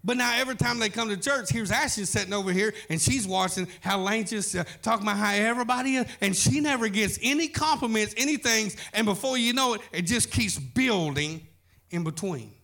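A man's voice: sits high, a little fast, pushed and bright. A man preaching a sermon, telling a folksy story as pastor.

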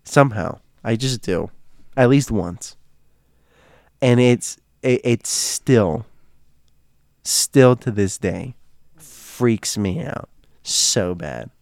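A young man telling a spooky story in casual chat, animated and laughing, acting out quotes with fillers. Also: mid-range voice, very slow, gravelly, pauses often, no room sound, studio quality.

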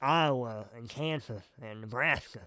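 A man co-hosting a casual podcast chat, relaxed and trailing off with fillers as he thinks. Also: mid-range voice, measured pace, no room sound. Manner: laid-back, trails off with fillers. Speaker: podcast co-host.

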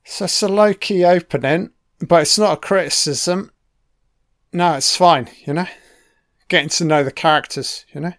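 A man's voice: on the high side, normal speed, fairly bright tone, dry recording, studio quality. A man giving a casual, laid-back film commentary, swearing often and talking back to the characters on screen.

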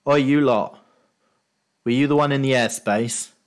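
A man voicing a rude, booming male circus director who shouts down from a tower. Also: fairly even intonation, a little slow, natural voice. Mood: angry shouting.

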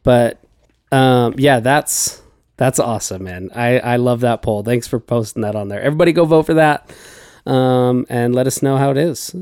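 A man co-hosting a casual podcast, easygoing and quick to laugh. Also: medium pitch, darkish tone, smooth, no room sound, clean studio sound. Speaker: podcast co-host.

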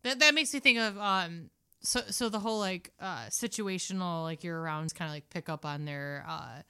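A woman co-hosting a podcast in casual chat, telling animated stories and laughing often. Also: on the low side, normal speed, smooth. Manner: animated storyteller, laughs often and mimics voices. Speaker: podcast co-host.

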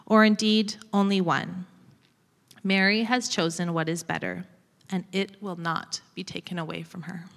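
A woman reading a Bible passage aloud in a church at a measured, steady pace. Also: medium pitch. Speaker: church member reading scripture. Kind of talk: scripture reading. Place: church auditorium. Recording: long reverb of a church hall.

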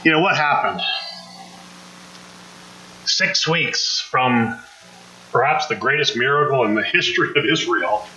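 Bright, animated preacher man. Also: mid-range voice, unhurried, pauses often, reverberant, slight background noise, low-quality recording. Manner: conversational, acts out quotes, asks the congregation questions. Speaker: pastor. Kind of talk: sermon.

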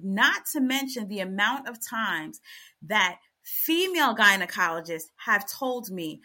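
A woman's voice: fairly high pitch, big pitch swings, measured pace, bright, forceful tone. A middle-aged woman on a panel, telling her story bluntly and animatedly with plenty of profanity. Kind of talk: candid panel chat.

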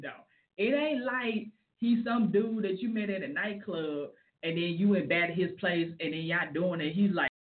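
A woman giving casual celebrity gossip commentary, chatty and opinionated with frank asides. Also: fairly low pitch. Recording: tinny phone-like audio.

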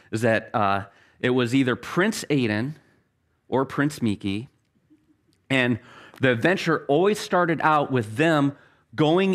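A middle-aged man preaching a sermon as pastor, earnest, telling stories and slowing down for key phrases. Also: mid-range voice.

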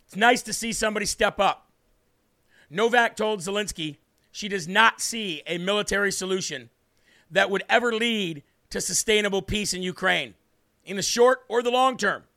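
A man hosts a political talk show, mocking and opinionated. His voice is high and bright, with a gravelly edge. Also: moderate pace. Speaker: host.

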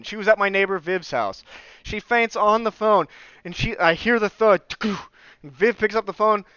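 A man's voice: sits high, bright, forceful tone, smooth, no echo. A young man telling a personal story on his podcast, swearing freely and acting out the voices of people he quotes. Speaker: podcast host. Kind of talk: casual storytelling. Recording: slightly dull lo-fi sound.

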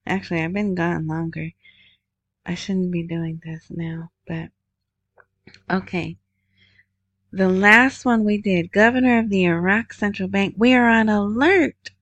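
A woman hosting a solo podcast in casual chat, rambling and apologetic with bursts of excitement, recorded at home. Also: mid-range voice, dry recording. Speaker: podcast host.

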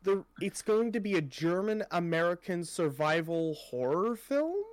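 Rambling young man, slightly high voice. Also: expressive, measured pace, no echo. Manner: rambling, swears casually, many fillers. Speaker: podcast co-host. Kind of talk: casual chat.

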